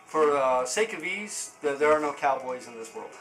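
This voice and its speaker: A man narrating as game master for a tabletop game, halting and full of fillers. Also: fairly high pitch, expressive, a bit bright, soft background music, rough recording.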